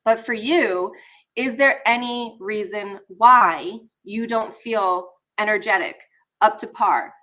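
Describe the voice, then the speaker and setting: A woman's voice: mid-range voice, slow pace, bright, forceful tone. A woman hosting a live online session, teaching casually and talking straight to viewers while a bit under the weather. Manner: chatty, talks straight to viewers, greets chat.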